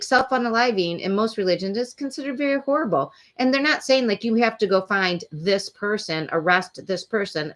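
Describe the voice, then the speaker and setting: This woman hosts a true crime show, speaking at a medium pitch with a slightly bright tone. She talks casually and indignantly, opinionated and rambling, with many fillers.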